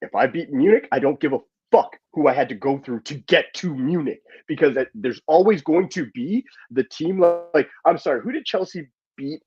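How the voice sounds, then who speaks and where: A man debating football on a panel, talking fast, cutting in and acting out what players say. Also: on the high side, expressive, darkish tone, breathy edge. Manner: fast, interrupting, acts out quotes. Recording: dull dry remote call audio.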